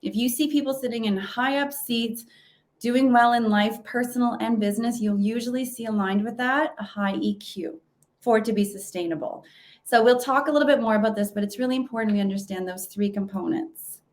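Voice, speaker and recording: A woman's voice: on the high side, brisk. A woman giving a conversational webinar presentation over a video call, with plenty of fillers and restarts. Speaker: webinar speaker. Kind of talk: virtual presentation talk.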